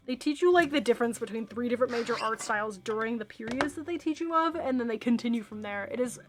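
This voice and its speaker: Young woman streamer, high voice, casual game read-through, faint background music. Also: quick pace, hardly any pauses. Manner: casual, chatty asides. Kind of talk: reading a dating sim aloud.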